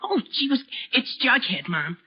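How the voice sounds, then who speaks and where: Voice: high-pitched, very animated, moderate pace, husky, full character voice. A flustered, stammering teenage boy in a 1940s radio comedy. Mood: exasperated. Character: excitable clumsy teenage boy. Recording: dull old 1949 radio broadcast.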